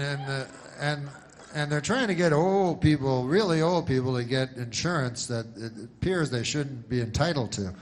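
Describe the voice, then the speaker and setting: A man doing a stand-up set, deadpan and halting, with many false starts. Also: mid-range voice, slight background noise. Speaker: stand-up comedian.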